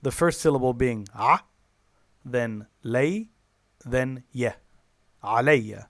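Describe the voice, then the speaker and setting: In a dry, studio-quality recording, a medium-pitched man teaches an online lesson one step at a time. He uses many fillers, corrects himself often, and stretches out example words slowly.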